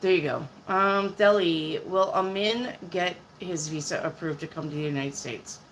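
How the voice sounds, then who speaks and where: Tarot reader, woman, 50s, low voice, blunt and chatty, faint background hiss. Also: normal speed, fairly bright tone, poor audio. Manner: blunt, chatty, answers questions from chat. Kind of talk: live-stream reading of viewer questions.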